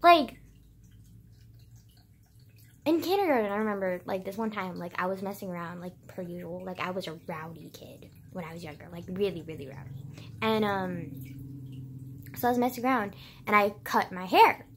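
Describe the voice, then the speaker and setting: A woman's voice: mid-range voice, normal speed, pauses often, a little hiss or hum. A young woman telling childhood stories to her viewers in a rambling, casual way, full of "like" and swearing. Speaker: vlogger. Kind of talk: casual storytelling to camera.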